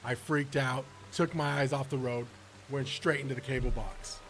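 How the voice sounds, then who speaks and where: A man streaming a video game who tells stories in an animated, slangy way and laughs often. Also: medium pitch, normal speed, a little hiss or hum. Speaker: gaming streamer. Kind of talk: casual storytelling while playing.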